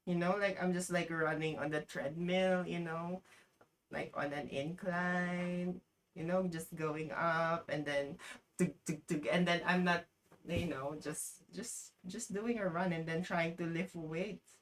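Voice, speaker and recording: Slow-talking, low-voiced woman streamer. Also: steady tone. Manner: chatty, rambling, exclaiming. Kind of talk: casual live-stream chat.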